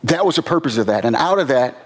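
A man from Virginia, a former police officer, giving an earnest, emotional personal testimony with slow pauses. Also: mid-range voice, lively intonation. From Virginia, USA.

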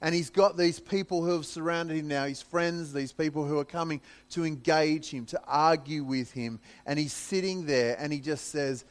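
A pastor preaching a sermon in a conversational way, acting out scripture in dramatic paraphrase. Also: male voice, fairly high pitch, normal speed, few pauses.

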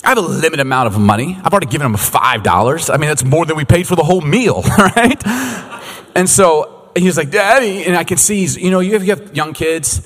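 A man in his thirties, a youth pastor preaching a sermon as an animated storyteller who laughs often. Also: on the high side, brisk. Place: church hall. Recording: echoey hall.

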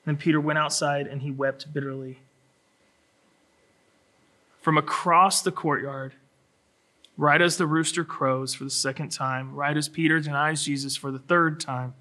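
A man preaching a sermon, acting out scripture in a dramatic voice that drops low and rises to a shout. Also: steady tone, a little slow. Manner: dramatic voicing of scripture, swinging from hushed to shouting. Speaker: pastor.

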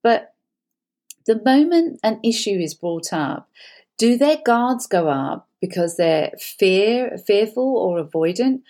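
A woman's voice: medium pitch, lively intonation, slow, dark tone. A woman speaking as a guest expert, giving earnest, explanatory advice and often repeating herself. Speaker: guest psychologist. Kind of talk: conversational advice talk.

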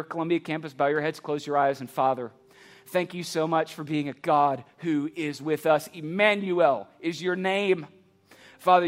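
A man preaching a sermon as pastor, building to passionate near-shouts and then dropping low and quiet. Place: church campus.

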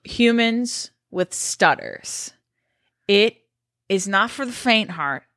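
Bright-voiced young woman telling stories. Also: medium pitch, expressive, takes it slowly, no echo, clean studio sound. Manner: chatty storyteller, earnest and rambling. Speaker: podcast co-host. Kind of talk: casual chat. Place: home living room.

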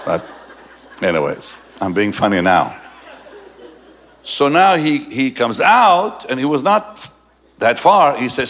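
A male pastor telling a story in a sermon, animated and often laughing, and dropping low and soft for the serious parts. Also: slow, long pauses.

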